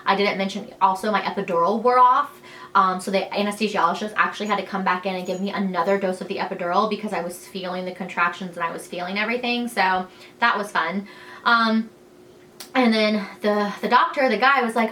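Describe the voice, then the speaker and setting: A woman's voice: medium pitch, fairly even intonation, a little fast, pushed and bright. Chatty young woman telling a story. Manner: chatty and frank, heavy use of "like" and "you know", quoting others in turn. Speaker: vlogger telling her birth story. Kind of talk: candid storytime vlog.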